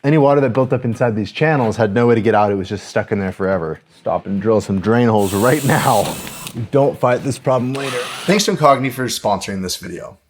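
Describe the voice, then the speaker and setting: A man in his thirties hosting a casual project vlog, chatty and excitable as he thinks out loud while working on a boat. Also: lowish voice, fairly quick, slight background noise. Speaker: DIY boat restorer and channel host.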